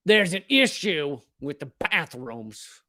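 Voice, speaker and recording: High-voiced, fiery male comedian. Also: sing-song, slow, pushed and bright, no room sound, studio quality. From Southern United States. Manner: fiery, stammering, profane. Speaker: comedian host. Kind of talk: comedic political monologue.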